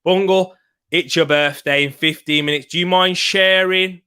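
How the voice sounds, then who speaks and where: A man hosting a football watch-along live stream, chatting casually, reading out viewers' messages and shouting excitedly when a goal goes in. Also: high-pitched, moderate pace, clean tone. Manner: chatty, reads chat aloud, bursts into shouting at goals.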